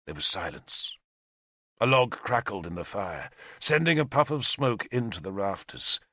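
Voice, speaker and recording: Male audiobook narrator, lively pitch, bright forward tone, dry close mic. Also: a little slow, no room sound. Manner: expressive, voices every character. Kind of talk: scripted narration.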